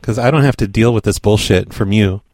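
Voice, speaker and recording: Pushy deadpan man on a prank call. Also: fairly low pitch, fairly quick, no echo, clean studio sound. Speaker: prank caller.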